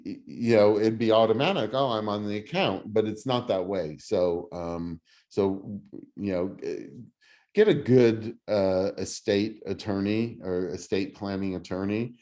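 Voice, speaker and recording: A middle-aged man leading a real estate class, talking slowly in a fairly low voice. He teaches casually and haltingly, full of ums and restarts. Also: mellow. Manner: halting, many fillers and restarts. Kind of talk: casual teaching over video call.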